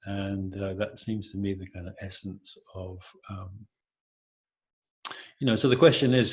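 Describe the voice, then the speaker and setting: Middle-aged guy giving a meditation talk, lowish voice, gentle and hesitant, lots of "you know". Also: a little slow, long pauses. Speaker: meditation teacher.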